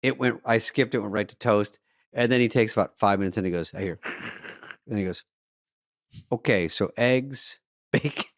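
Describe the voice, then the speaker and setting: A man's voice: lowish voice, brisk, no echo, clean studio sound. A middle-aged man co-hosting a podcast, telling comic stories in casual chat, acting out both sides of phone calls with swearing and laughter. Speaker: co-host. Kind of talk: casual comedic storytelling.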